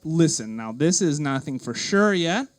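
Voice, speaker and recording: A man putting on a fake voice as a solemn male hospital caller, slow and hesitant like an official. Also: fairly high pitch, lively intonation, pitched below the performer's own voice. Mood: grave.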